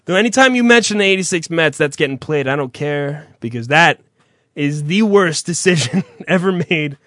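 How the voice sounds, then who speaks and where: Comic radio host, a man who heckles and swears; high, animated, dry close sound. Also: moderate pace, no echo. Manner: teasing, heckling, swears freely. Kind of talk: comedic radio banter.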